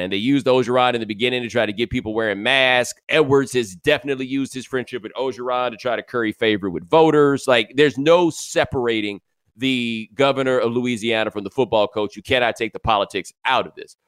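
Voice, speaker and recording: A man hosting a podcast, telling stories and chatting about sports in a lively, casual way. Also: medium pitch, brisk, clear, resonant tone, no echo. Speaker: podcast host.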